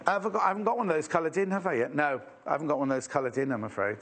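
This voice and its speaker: A man's voice: on the high side, racing, fairly bright tone. A man from England presenting a live sewing shopping show, chatty and enthusiastic with self-mocking asides. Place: TV studio.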